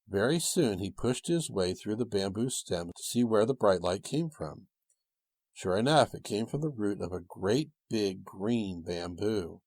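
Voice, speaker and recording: A man tells an old tale in a gentle, old-fashioned cadence. His voice is low and slightly husky. The recording is dry and close, with no room around it. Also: expressive, unhurried, dry recording. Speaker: storyteller. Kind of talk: storybook narration.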